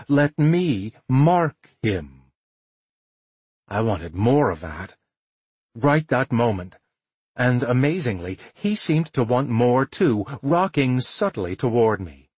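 Slow, husky male audiobook narrator. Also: mid-range voice, no echo. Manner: slow, measured, intimate reading. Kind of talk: first-person audiobook narration.

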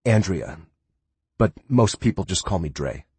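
A man's voice: sits low, lively intonation, unhurried, darkish tone, breathy edge, no echo, heavily acted. A man voicing a frail, wary and defiant young woman in a storybook reading, speaking in a guarded, snappish way.

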